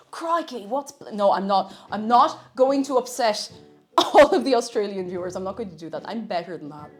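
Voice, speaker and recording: A woman's voice: mid-range voice, normal speed, a little mellow. A woman live-streaming from her home kitchen, chatting casually as she cooks and reading chat messages aloud. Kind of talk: casual chat while cooking. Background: faint music.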